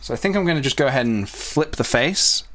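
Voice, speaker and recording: A man's voice: mid-range voice, expressive, fairly quick, a bit bright. Guy muttering to himself while he draws, easygoing, kinda rambly, ish. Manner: rambling, self-talking, playful asides. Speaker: youtuber drawing on stream. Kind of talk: casual drawing commentary.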